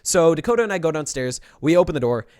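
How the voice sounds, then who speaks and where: A young man in a storytime vlog, retelling a prank in a rambling, animated way with many restarts. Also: fairly high pitch, fast talker, clean tone, no echo. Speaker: vlogger.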